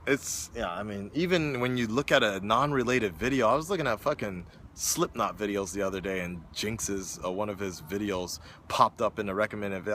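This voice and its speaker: A man's voice: fairly low pitch, a little fast, hardly any pauses, fairly bright tone, slight background noise. A young man in a hotel room talking in a rambling, profane, meandering casual monologue to his viewers. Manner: profane, meandering, frequent restarts. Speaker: streamer vlogger.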